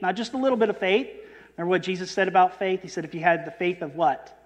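A man preaching a sermon, emphatic, rising on quoted verses and dropping low on key words, and asking his listeners rhetorical questions. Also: brisk, in a large hall, lo-fi sound.

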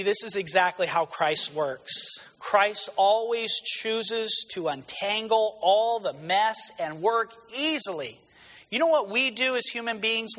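A man's voice: high voice, sharp tone. A man preaching a sermon, emphatic and repeating phrases for stress. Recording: long hall reverb.

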